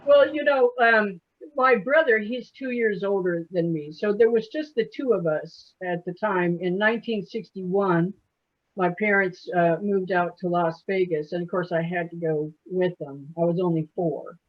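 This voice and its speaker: A woman's voice: fairly low pitch, measured pace. A woman in her sixties from Alabama, a poet telling chatty, folksy stories in an interview and laughing often. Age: 60s. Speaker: poet guest. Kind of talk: casual interview storytelling. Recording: muffled lo-fi audio.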